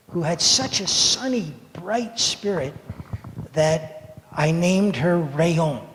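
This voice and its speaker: In a sanctuary service, an American man in his seventies tells a story meant for all ages, acting out the moments in an animated, playful way. His voice sits on the high side. The recording carries echoey hall reverb.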